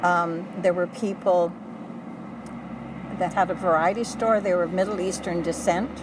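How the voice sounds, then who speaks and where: Older woman, low-ish voice, earnest and halting storyteller; mic set back, traffic loud behind. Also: steady tone, far from the mic. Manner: earnest, halting, with self-corrections. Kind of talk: oral history recollection.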